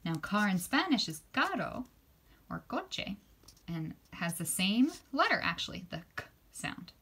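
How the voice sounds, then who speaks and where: A woman teaching young children their letters, spelling words out slowly and praising each answer. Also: medium pitch, very animated, pushed and bright, slightly rough. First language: English. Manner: slow, encouraging, spells out letters and sounds.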